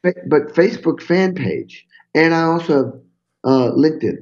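An older man, a guest on a podcast interview, telling stories in an animated, swearing way and acting out what people said. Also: a little high, moderate pace, highs cut off. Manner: animated, swearing, acts out quotes. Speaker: guest drummer. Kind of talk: storytelling interview.

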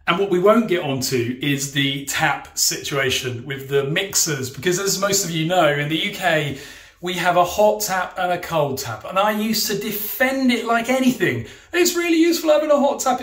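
A man's voice: high voice, a bit bright. A British man vlogging casually from his home bathroom, explaining things in a chatty, joking way. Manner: chatty, jokey, explains while showing things. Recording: echoey tiled bathroom.

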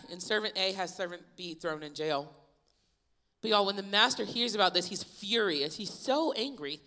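Bright-voiced woman youth preacher. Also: medium pitch, moderate pace. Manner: lively storytelling, acting out Bible characters. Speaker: youth pastor. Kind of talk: youth sermon. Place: church youth service.

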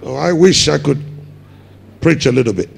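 A Ghanaian man preaching a sermon as pastor, building up to shouted emphasis on key words. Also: on the high side, animated, moderate pace, creaky, husky. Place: large church hall. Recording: long hall reverb.

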